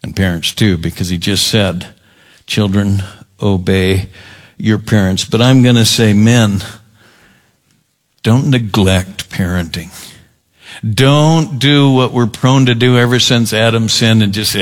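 A man preaching a sermon as pastor, deliberate and emphatic, often repeating key words. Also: on the low side.

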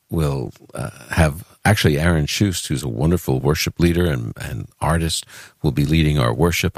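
Very deep-voiced New York man hosting radio. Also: no echo. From Brooklyn, New York. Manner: chatty, self-interrupting, earnest. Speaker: radio call-in host. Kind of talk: Christian radio call-in show.

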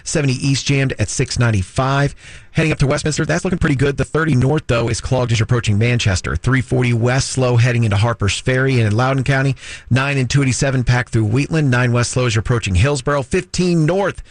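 A male traffic reporter running through road conditions in a brisk, matter-of-fact read. His voice sits mid-range and sounds dry and close to the mic. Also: medium pitch, dry recording.

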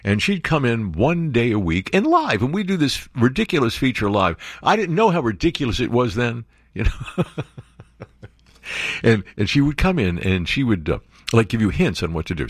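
A middle-aged man from Virginia hosting a casual talk radio show, jokey and quick to slip into mocking voices. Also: mid-range voice, slightly rough, no room sound, clean studio sound. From Virginia, USA.

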